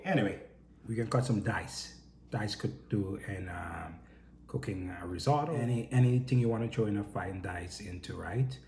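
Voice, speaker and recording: A man's voice: lowish voice, darkish tone, slight background noise. A man casually teaching a home cooking lesson, chatty and instructive, often checking in with "okay?" and "right?".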